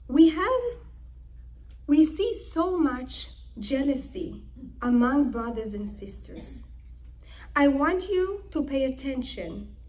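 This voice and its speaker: High-voiced woman teaching slowly. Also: distant mic, poor audio. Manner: animated storytelling, acts out quotes. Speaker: Torah teacher. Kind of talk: religious lecture.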